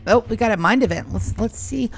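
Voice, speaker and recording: A woman's voice: fairly high pitch, fairly quick. A woman giving live gameplay commentary on a stream, chatty and playful, rambling with fillers as she goes. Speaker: game streamer.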